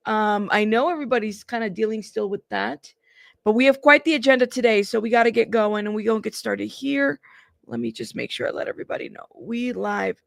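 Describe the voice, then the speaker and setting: A woman's voice: on the high side, animated, brisk, gravelly. A tired woman hosting a casual livestream and greeting viewers by name. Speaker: livestream host.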